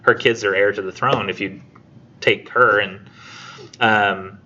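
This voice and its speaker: A man with a somewhat low voice gives a casual college lecture to his class, retelling a story and acting out the characters' lines in a chatty way. The recording sounds muffled, with a little background hiss. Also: fairly even intonation, measured pace, pushed and bright. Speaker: college English instructor.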